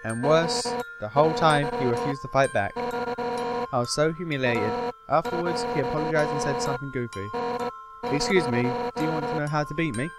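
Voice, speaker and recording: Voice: medium pitch, expressive, normal speed, natural voice. A gamer reading aloud a fierce, hot-headed fish warrior woman from a game, over game music. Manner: reads game text aloud in a plain voice. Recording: game music playing behind.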